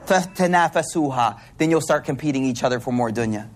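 A man from Buffalo giving a casual Islamic lesson, an animated storyteller mixing slang and Arabic terms. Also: medium pitch, racing. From Buffalo, New York, US. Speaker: Islamic teacher.

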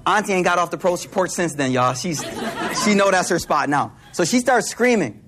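A man from Buffalo giving a casual Islamic lesson, an animated storyteller mixing slang and Arabic terms. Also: high voice, moderate pace, crowd noise, noisy background. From Buffalo, New York, US. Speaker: Islamic teacher.

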